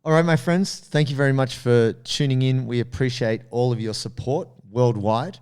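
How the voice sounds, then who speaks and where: A man's voice: medium pitch, moderate pace, a little mellow, clear, resonant tone. An Australian man co-hosts a casual podcast and walks listeners through advice step by step like a coach. He speaks straight to the audience in an explanatory way. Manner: addresses listeners directly. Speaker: podcast co-host. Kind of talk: casual podcast chat giving training advice.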